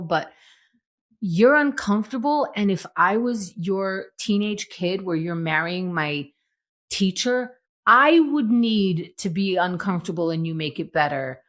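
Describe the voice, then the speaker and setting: Woman, podcast co-host, casual chat, playful, animated. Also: medium pitch, measured pace. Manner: animated, playful, acts out quotes.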